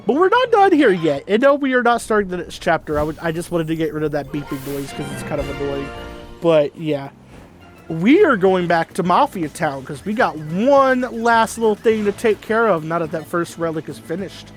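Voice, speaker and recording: Chill dude rambling through a let's play, kinda high voice, lots of um and like, game music faint behind. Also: male voice, lively intonation, moderate pace. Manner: rambling, laid-back, frequent fillers and swearing. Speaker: gaming video host. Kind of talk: casual let's play commentary.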